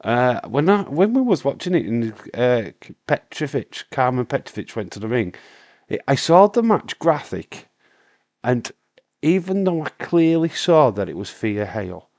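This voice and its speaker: A man, hoarse with a breaking voice, hosting a live stream in a casual, rambling chat while answering viewer comments. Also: mid-range voice, darkish tone, dry recording. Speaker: wrestling stream host.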